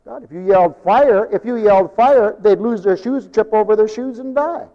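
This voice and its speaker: An older man preaching a sermon as pastor, telling folksy stories, acting out voices and rising to shouts. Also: sits high, brisk. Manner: folksy storytelling, acts out voices, rises to shouting. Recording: dull lo-fi sound with long hall reverb.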